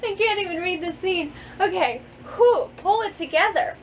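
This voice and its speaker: A woman's voice: very high voice, animated, unhurried, slight background noise, low-quality recording. A woman author in a casual vlog, reading aloud from her own book, chatty and often breaking into giggles. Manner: giggly, keeps breaking into laughter; chatty, with many fillers and restarts.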